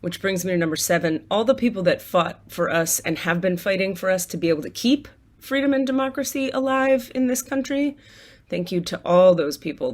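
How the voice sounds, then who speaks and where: Chatty woman swearing casually. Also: fairly low pitch. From United States. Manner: chatty and candid, swears freely, laughs often. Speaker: spiritual coach and tarot reader. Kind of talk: casual chat to viewers, guided gratitude list. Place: apartment at home.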